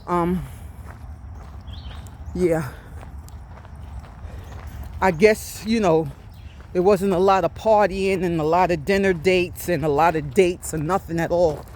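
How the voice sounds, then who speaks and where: A woman's voice: lowish voice, fairly even intonation, normal speed, a little mellow. A woman in her fifties telling a personal story while walking outdoors, slightly out of breath and confiding, often checking in with "right?". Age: 50s. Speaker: vlogger. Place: outdoors on a walk.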